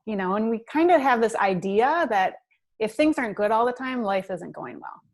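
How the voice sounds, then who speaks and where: Upbeat encouraging mom, mid pitch, casual video chat. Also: female voice, lively intonation, normal speed. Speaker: parent, guest in discussion.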